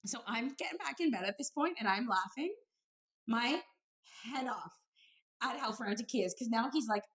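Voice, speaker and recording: Brief: woman podcast co-host, lively storyteller, a bit high-pitched. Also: moderate pace. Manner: animated storyteller, quotes herself and others. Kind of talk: casual storytelling chat.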